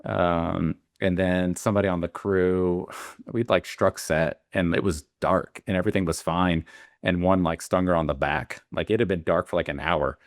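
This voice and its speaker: A man's voice: deep voice, fairly even intonation, normal speed, dry recording, clean studio sound. A man, a beekeeper guest telling stories in a rambling way, full of fillers and restarts. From Alabama. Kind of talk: casual interview storytelling.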